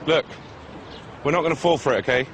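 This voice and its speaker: A British man in his forties hosting a comic travel show, talking in a deadpan, mock-paranoid, conspiratorial way while walking outdoors on a city street. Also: fairly high pitch, fast talker. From Britain. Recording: street noise from passing traffic. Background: traffic and street noise.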